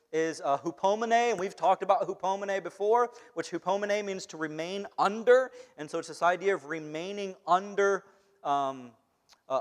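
A young man giving a conversational sermon in a church hall, moving between quiet asides and loud, emphatic bursts. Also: on the high side. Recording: long hall reverb.

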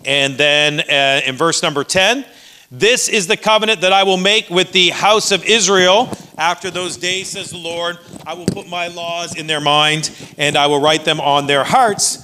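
Canadian pastor guy, high bright voice, chatty sermon w/ dry jokes. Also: steady tone, unhurried, clean tone. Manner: conversational preaching with dry jokes.

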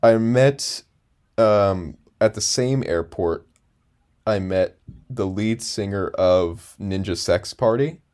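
A man's voice: fairly low pitch, slow pace, darkish tone. A man in his twenties telling a long story in a casual chat, rambling with lots of fillers and restarts. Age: 20s. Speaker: podcast co-host.

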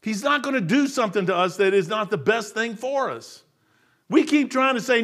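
A man preaching a folksy, animated sermon, acting out voices and laughing as he goes. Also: high voice, moderate pace. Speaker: lay preacher.

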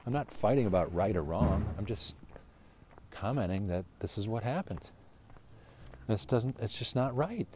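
Exasperated, animated man rambling on a podcast. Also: lowish voice, moderate pace, long pauses, a little hiss or hum. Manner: animated, exasperated, full of restarts and asides. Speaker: podcast host. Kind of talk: casual rambling monologue.

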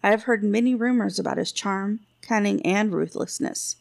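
A woman's voice: medium pitch, moderate pace, vocal fry, close to an everyday voice. A woman voicing a blunt, impatient old king who grumbles and gives orders, in a storybook reading. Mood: commanding. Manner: grumbling, then commanding orders.

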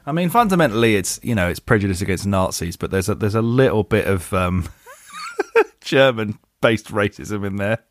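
Animated and low-voiced, a podcast host reads a listener's email at a moderate pace, with a little hiss or hum in the background. He repeatedly breaks down laughing as he goes.

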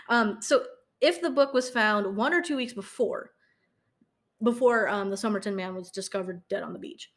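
A young woman tells a true-crime case in a loose, conversational way. She giggles between sentences, trips over her words and doubles back to fix them, filling gaps with um and like. Her pitch sits at an ordinary middle for a woman. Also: moderate pace. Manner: giggly, stumbles and corrects herself, many ums. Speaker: podcast co-host. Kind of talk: casual true-crime storytelling.

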